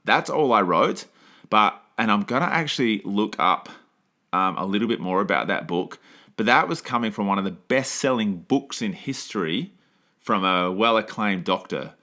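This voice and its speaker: A man's voice: fairly low pitch, expressive, normal speed, pushed and bright. A man hosting a podcast, talking casually and rambling with many fillers and restarts. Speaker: podcast host.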